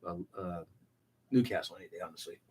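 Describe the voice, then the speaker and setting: Fast-talking man chatting about beer. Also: deep voice, darkish tone, slightly rough. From Texas. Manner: rapid, rambling with many fillers. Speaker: co-host. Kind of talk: casual chat.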